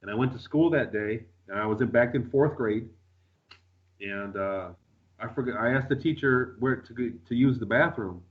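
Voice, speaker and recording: A man's voice: mid-range voice, moderate pace, phone-quality sound. A man telling his story as a radio interview guest, rambling with lots of fillers and restarts.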